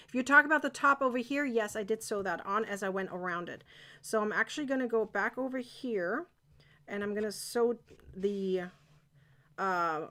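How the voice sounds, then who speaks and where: A woman leads a live crochet tutorial in a chatty, excitable way, stopping often to check that everyone is keeping up. Her voice sits a little high. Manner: chatty, encouraging, excitable, asks viewers if they follow. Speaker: crochet teacher.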